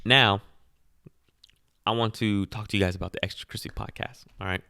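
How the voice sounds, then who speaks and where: A man's voice: fairly low pitch, steady tone, moderate pace, bright, forceful tone, no echo, studio quality. Opinionated man hosting his podcast. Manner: opinionated, rhetorical questions, laughs at himself. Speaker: podcast host. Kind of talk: casual solo podcast monologue.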